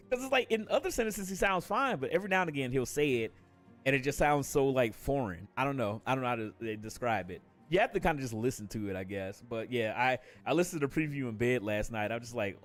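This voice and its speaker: A man talks casually to his live stream viewers between bits of gameplay, relaxed and quick to swear or laugh, while nursing a headache. His voice sits at an ordinary middle pitch, and faint game music plays in the background. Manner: relaxed, profane, laughs often. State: has a headache.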